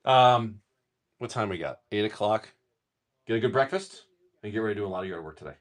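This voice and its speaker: A man's voice: fairly low pitch, lively intonation, fairly quick. A middle-aged man hosting a casual live stream. He jokes, laughs often, swears freely and rattles off card names while opening packs.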